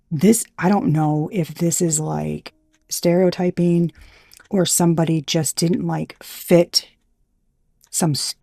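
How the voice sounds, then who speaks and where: A woman's voice: fairly low pitch, creaky, warm tone, no room sound, studio quality. A woman giving a casual channeled tarot reading, blunt and profane, who gets fired up, trails off and restarts often. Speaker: intuitive tarot reader.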